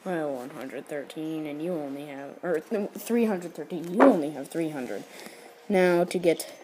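A woman's voice: deep voice, moderate pace, heavy background noise. A woman giving casual game commentary as the host of a gameplay tutorial, explaining each step while she rambles and corrects herself.

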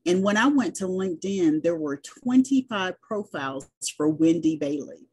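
A middle-aged woman with a Southern US accent talks through her stories at an easy pace, even spelling things out. Her voice sits low and mellow, with a husky edge to it. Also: moderate pace. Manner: chatty storyteller, spells things out. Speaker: business and sales coach, guest. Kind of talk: casual interview chat.

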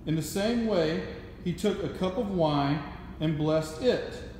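A man narrates a school skit with plain, measured storytelling. His voice sits a bit high and rings through a large hall with a long echo. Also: darkish tone, a little hiss or hum. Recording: echoey hall.

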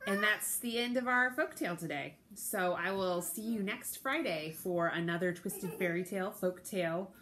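A woman's voice: fairly low pitch, normal speed, few pauses, a bit bright, slight background noise. A woman library storyteller reading a picture book aloud to children, with chatty asides to her young listeners.

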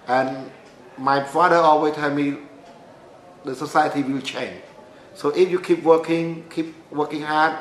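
A man's voice: on the high side, a bit bright. Cambodian man telling his story, echoey room. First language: Khmer. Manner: halting non-native English with restarts. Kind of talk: personal storytelling talk. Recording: echoey room with faint noise.

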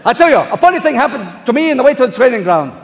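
A man's voice: very high-pitched, sing-song, racing, heavily acted. A man impersonating a brash Dutch football manager with a Dutch accent, doing hammy stand-up patter on a live stage. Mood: brash showman. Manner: loud, hammy, punchline-driven, shouted catchphrases. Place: large theatre stage. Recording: live hall with audience.

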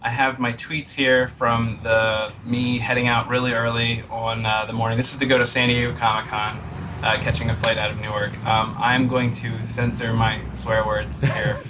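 A man's voice: medium pitch, little pitch movement, normal speed, background noise. A man, a comics artist, chatting casually as an interview guest, telling a story with many fillers and chuckles.

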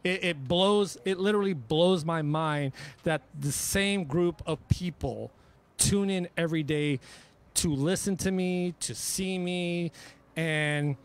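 High voiced dj guy on a podcast, rambly restarts, swears a lot, loose casual chat. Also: slow, clean tone. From Bay Area. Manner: animated, profane storytelling with many restarts. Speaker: guest DJ.

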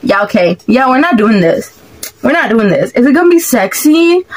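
A woman hosting a reaction video, talking in excitable, exclamatory bursts and swearing freely as she reacts. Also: high voice, a little slow, low-quality recording. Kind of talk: casual reaction commentary.

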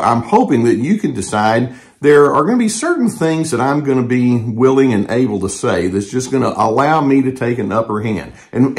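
An older man speaks in a calm, measured way, offering advice as a therapist. His pitch sits in a middle range for a man. He pauses with small fillers and restarts now and then. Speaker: therapist and channel host. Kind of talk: advice talk to camera.

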